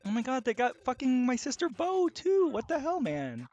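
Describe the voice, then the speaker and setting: A man giving casual, excitable video game commentary, swearing freely. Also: extremely high pitch, moderate pace, faint music behind. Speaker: let's play host.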